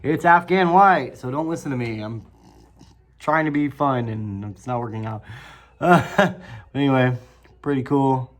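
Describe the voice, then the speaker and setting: A man's voice: medium pitch, measured pace, long pauses. A man hosting his own review vlog, talking loosely to the camera, swearing freely, rambling and laughing often. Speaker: snuff reviewer, channel host.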